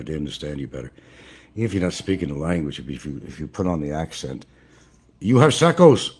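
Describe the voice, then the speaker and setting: With a very deep voice and a little hiss or hum on the recording, an older American man chats casually on his livestream. Broadcasting from home in the central Philippines, he rambles and chuckles as he replies to the chat.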